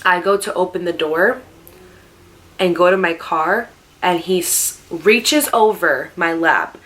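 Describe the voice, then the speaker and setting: Young woman vlogger, slightly low voice, emphatic storyteller who says "like" a lot. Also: takes it slowly, fairly bright tone. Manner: emphatic, heavy use of "like". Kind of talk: casual storytime.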